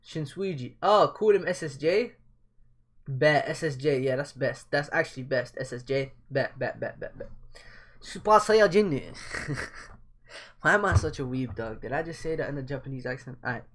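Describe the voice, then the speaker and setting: A man's voice: mid-range voice, moderate pace, a bit bright. A young man reading a manga aloud live and breaking off into casual, joking, slangy reactions.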